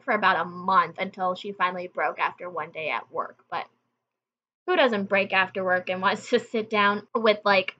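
A woman's voice: medium pitch, bright, forceful tone, dull audio. A young woman hosting her own channel, telling a story in a casual, chatty way straight to her viewers. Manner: chatty, conversational, addresses viewers directly. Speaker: channel host.

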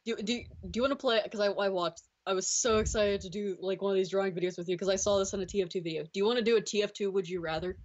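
A woman's voice: mid-range voice, steady tone, very fast, hardly any pauses. A woman from Scotland in casual, giggly, teasing chat with a friend. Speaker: co-host and friend. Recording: slightly muffled audio.

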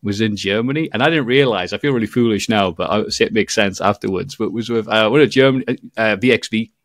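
A man's voice: fairly low pitch, fast, dry recording, clean studio sound. A man telling stories in a casual podcast chat, acting out quotes with bursts of laughter. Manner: animated storytelling with voiced quotes and laughs. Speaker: podcast guest, video maker.

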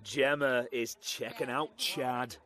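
A man's voice: medium pitch, steady tone, slow, sharp tone, slight background noise. A man giving dry, scripted narration of a reality show.

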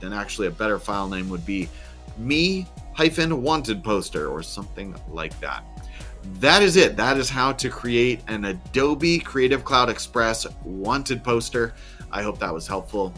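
A man, a teacher, narrating a screen-recorded software tutorial in a chatty, step-by-step way with dry little asides. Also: on the low side, very animated, moderate pace, faint music behind.

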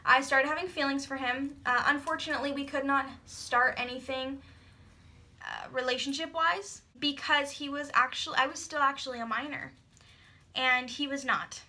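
A young woman with a high, bright voice tells the story in a relaxed, chatty way, laughing now and then. It is a casual couple vlog. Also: moderate pace. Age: young adult. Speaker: vlogger.

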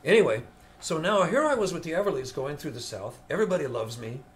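An older man, a veteran studio guitarist, tells an animated story in an interview, voicing the people in it. He talks fast in a fairly high pitch.

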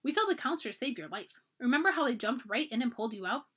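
A woman's voice: on the high side, expressive, quick pace, pushed and bright, husky, heavily acted. A woman voicing a glum, wistful young girl at summer camp while reading a storybook aloud.

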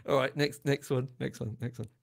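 An older man hosting a casual livestream chat, self-deprecating and quick to laugh. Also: mid-range voice, steady tone, vocal fry. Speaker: channel host.

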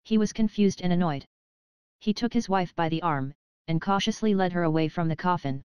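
Woman narrator, lowish voice, audiobook reading, steady and unhurried. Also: clean tone, no room sound, highs cut off.

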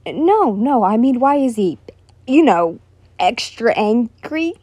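A cheerful young nobleman teases his friend in a light, slightly raised voice, as a woman reading the story puts him on. The voice is mellow and recorded dry and close. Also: a little high, sing-song, slow, husky, no room sound, exaggerated voice. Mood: teasing. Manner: playful, teasing.

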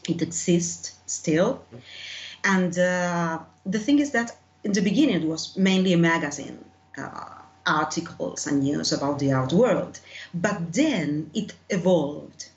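A woman's voice: fairly low pitch, animated, a little slow, roomy sound, dull audio. A middle-aged woman, a marketing consultant, answering interview questions in a hesitant way with many fillers and easy laughs.

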